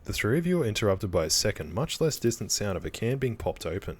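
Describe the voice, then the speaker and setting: A man playing through a horror visual novel and reading its narration aloud in a steady, plain way. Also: lowish voice, fast talker, husky. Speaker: let's play gamer.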